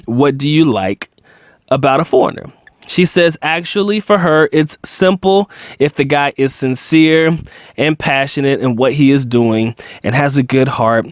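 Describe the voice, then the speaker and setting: A man's voice: a little high, no room sound, studio quality. A man hosting his own channel, talking casually to viewers with lots of fillers and frequent chuckles. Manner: conversational, many fillers, chuckles often. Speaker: channel host. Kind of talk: casual commentary to camera.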